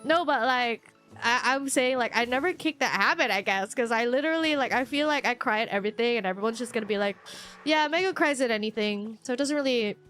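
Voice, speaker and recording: Gaming on a live stream, a young woman talks loosely and emotionally, quick to gush and full of fillers and false starts. She has a fairly high, fairly bright voice, with faint music in the background.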